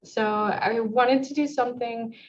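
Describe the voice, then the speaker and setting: A woman's voice: on the high side, steady tone, unhurried. A young woman game developer chatting in an interview, friendly and rambling with many ums. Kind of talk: casual interview chat. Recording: dull lo-fi mic with faint noise.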